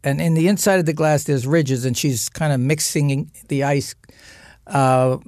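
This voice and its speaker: High-voiced heated New storyteller. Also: male voice, fairly even intonation, unhurried, dry recording, studio quality. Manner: loud, heated, profane storytelling. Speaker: guest storyteller. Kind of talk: animated anecdote in a played clip.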